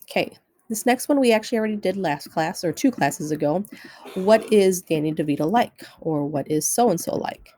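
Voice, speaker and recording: Mellow-voiced woman teaching on video. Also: on the low side, lively intonation, moderate pace, a little hiss or hum, rough recording. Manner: step-by-step instructional, repeats keyboard steps. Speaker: Spanish teacher. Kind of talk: recorded screen-share lesson.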